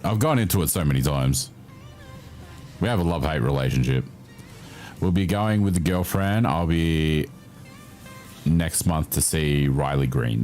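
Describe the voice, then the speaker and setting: A livestreamer with a low, slightly mellow voice chats casually with viewers, reading their messages and reacting with laughter and swearing.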